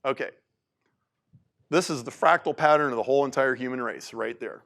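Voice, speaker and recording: A man speaking to an audience in a casual, animated way, full of restarts and filler words. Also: mid-range voice, fairly quick, vocal fry. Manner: animated, conversational, many restarts and "like". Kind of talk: talk to an audience.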